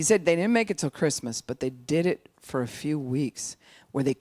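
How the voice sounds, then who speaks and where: Older animated recovery-outreach speaker. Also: mid-range voice, dry recording, studio quality. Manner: animated, acts out quoted voices, sometimes slows speech right down to demonstrate. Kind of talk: informal teaching talk.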